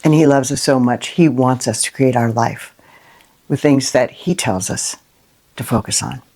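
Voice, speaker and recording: Chatty, animated Christian woman host. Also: rumbling low, normal speed. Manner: chatty, animated, rhetorical questions and "right?". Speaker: Christian inspirational video host. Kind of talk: unscripted heartfelt monologue to camera.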